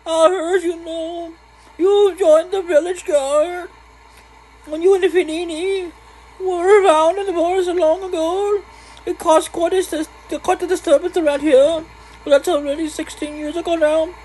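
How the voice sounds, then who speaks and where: A man voicing an elderly village woman in a cracking falsetto, reading game dialogue aloud. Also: level tone, a little slow, darkish tone, poor audio. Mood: curious.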